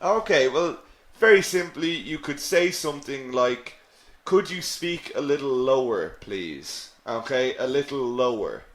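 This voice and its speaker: A male English teacher leads a live online lesson and answers viewers' questions as they come in. He talks slowly and patiently, repeating phrases so they sink in. His voice carries some echo from the room. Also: mid-range voice, fairly bright tone. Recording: echoey room.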